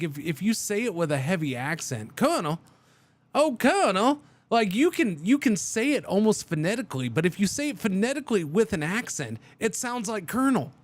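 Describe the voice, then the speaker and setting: A man streaming a truck driving game, chatting casually and thinking aloud with many restarts. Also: high voice.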